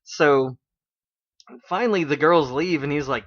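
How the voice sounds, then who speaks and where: A man's voice: on the high side, a little slow, fairly bright tone. Rambling man on a lo-fi radio stream. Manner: rambling, with many fillers and quoted character lines. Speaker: radio show host. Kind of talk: casual chat recapping an anime episode. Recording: dull lo-fi online radio stream.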